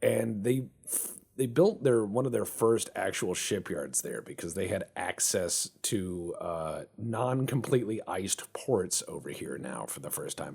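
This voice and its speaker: A man's voice: sits low, creaky, a little mellow, slightly rough. A man chatting casually and rambling while commentating a strategy game, swearing now and then. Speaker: gaming channel host.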